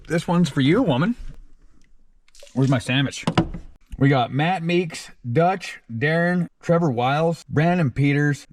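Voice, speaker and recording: A man hosting his own channel, reading out supporters' names in a casual, crude, joking way, full of slang. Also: mid-range voice. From Canada. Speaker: channel host. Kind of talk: casual patron shout-outs.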